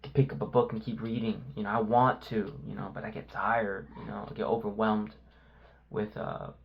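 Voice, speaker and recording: A man talking candidly about his faith in a personal vlog, reflective and halting, with many "you know" fillers and the odd soft whisper. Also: on the low side, level tone, creaky, highs cut off. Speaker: vlogger.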